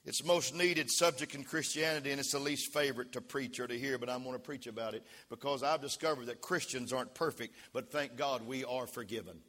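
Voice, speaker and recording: A man preaching a sermon as pastor, leading the congregation in call-and-response and rising to shouts. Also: medium pitch, fairly quick, hardly any pauses. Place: church sanctuary. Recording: long reverb of a church hall.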